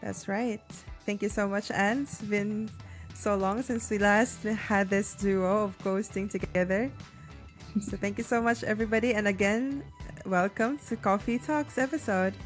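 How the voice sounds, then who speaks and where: A welcoming woman co-host who opens the episode with thanks and a friendly greeting. Her voice is mid-pitched, with a faint bed of music behind it. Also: steady tone, measured pace. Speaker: podcast co-host. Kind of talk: friendly interview hosting.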